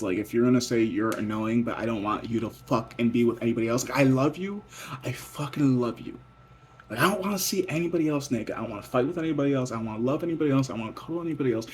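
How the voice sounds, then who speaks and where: A man's voice: mid-range voice, husky. A young man vlogging a rambling, profane late-night monologue that drifts between mutters and whispers.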